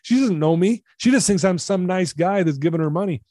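Middle-aged man, interview guest, earnest animated storyteller, warm mellow tone, dry close sound. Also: high-pitched, a little fast, no echo.

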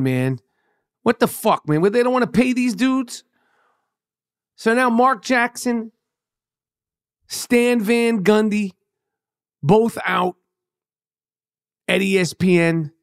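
Profane, emphatic New podcast host. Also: male voice, high-pitched. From New York. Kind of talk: solo podcast rant.

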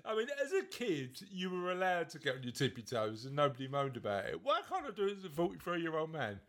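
A man's voice: on the high side, wildly swooping pitch, quick pace, a bit bright. A man, co-hosting a podcast in casual, jokey, teasing chat. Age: 40s. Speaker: podcast co-host.

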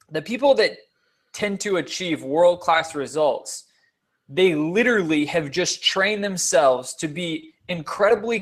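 A man's voice: fairly high pitch, fairly bright tone. A man being interviewed as a guest on a podcast, a motivational speaker who talks earnestly and repeats words for emphasis.

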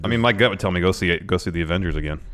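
A man's voice: sits low, rapid-fire, fairly bright tone, a little hiss or hum. A man co-hosting a wrestling podcast, chatting dryly and reading out listener questions. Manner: dry, reads chat questions aloud. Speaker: podcast co-host. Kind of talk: casual chat.

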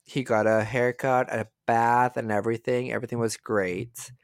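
A woman's voice: very deep voice, little pitch movement, moderate pace, no echo, clean studio sound. A young woman co-hosting a casual gossip podcast, chatty and giggly, with lots of fillers. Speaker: podcast co-host. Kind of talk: casual celebrity gossip chat.

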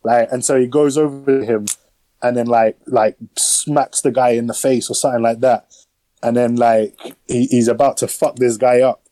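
Casting: male podcast host, mellow, slangy and rambling, mid-pitch. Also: fairly even intonation, moderate pace, no room sound, poor audio. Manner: rambling, slangy, lots of fillers. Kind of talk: casual film review chat.

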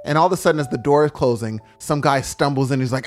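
A man co-hosting a comedy podcast, rambling through an improvised story and acting out its characters in quick voices. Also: medium pitch, faint music behind.

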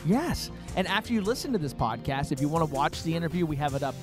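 A man hosting a podcast in a studio, chatting enthusiastically with quick asides. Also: on the high side, animated, music in the background. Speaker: podcast host. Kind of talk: casual interview chat.

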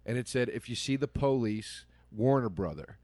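A man's voice: medium pitch, moderate pace, dry recording. A man at a podcast mic telling a story with a lot of energy, slipping into quoted lines without changing his voice much. His voice sits in an ordinary middle range. The sound is dry and close, with no room in it. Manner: animated storyteller, quotes people in his own voice, laughs often. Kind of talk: casual chat, storytelling.

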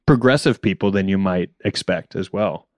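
A man's voice: sits low, normal speed, a little mellow, no echo, studio quality. A young man from South Carolina with a general American accent, chatting casually as a comedian guest, rambling with restarts and frequent laughs. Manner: rambling, self-interrupting, laughs often. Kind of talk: casual podcast chat.

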